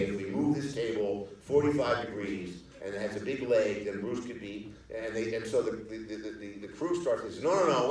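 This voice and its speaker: A man's voice: fairly low pitch, darkish tone. An older male screenwriter telling rambling behind-the-scenes anecdotes at a live theater Q&A, full of restarts and fillers, acting out other people's lines. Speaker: screenwriter and producer guest on a panel. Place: theater stage in front of an audience. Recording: echoey theater hall, distant mic.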